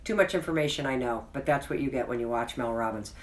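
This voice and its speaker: Woman host w a deep voice, candid and self-deprecating, earnest pep talk, sounds a bit far from the mic. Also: fast. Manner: chatty, self-deprecating, frank. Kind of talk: candid personal storytelling to camera.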